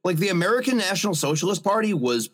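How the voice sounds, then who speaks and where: Husky-voiced young male podcast co-host. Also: high-pitched, sing-song. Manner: crude quick jokes. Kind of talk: casual crude chat.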